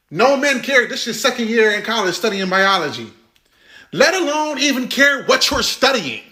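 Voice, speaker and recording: A woman talks straight to the camera in a blunt, lecturing rant. Her voice is bright and swings widely in pitch. The sound is roomy and echoey.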